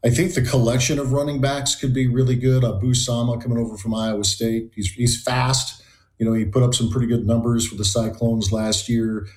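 A man's voice: medium pitch, little pitch movement, darkish tone. Man analyzing football in a roomy space. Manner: measured, analytical. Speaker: sports analyst. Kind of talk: sports talk show discussion.

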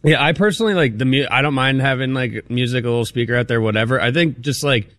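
A man's voice: medium pitch, fast, fairly bright tone, dry recording. A young man cohosting a radio talk show with a wry, snarky manner. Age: young adult. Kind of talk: casual studio chat.

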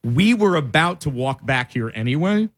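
Animated, laughing male radio host. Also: fairly high pitch, normal speed. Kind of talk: casual radio banter. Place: radio studio.

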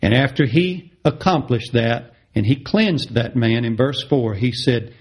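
A middle-aged man preaching a sermon, passionate and repetitive, his voice climbing high on the words he stresses. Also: unhurried, slightly rough. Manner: impassioned, repeats phrases for emphasis, rises sharply in pitch on key words.

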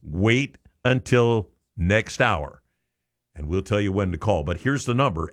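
An energetic male morning radio host, talking in a studio. His pitch springs up high on key words, and he sounds lively and keen. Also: a little slow. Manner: energetic, upbeat, pitch jumping up on phrases. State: out of breath. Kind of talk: morning radio chatter and promo.

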